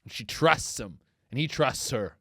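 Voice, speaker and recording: A man in his thirties hosting a comedy podcast, rambling crudely and excitably and jumping into silly voices. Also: mid-range voice, normal speed, no echo, clean studio sound. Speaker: podcast host.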